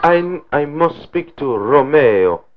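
A man puts on a syrupy prank-caller voice that crawls along slowly and lurches between high and low. It sits a little high for a man and fawns over the woman on the other end. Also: expressive, phone-quality sound, slight background noise. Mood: fawning. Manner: slow, halting, swooning over the woman he calls.

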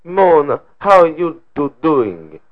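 A man on a prank call putting on an odd, fawning caller voice, slow and halting. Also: on the high side, sing-song, narrow, tinny audio. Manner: slow, halting, swooning over the woman he calls.

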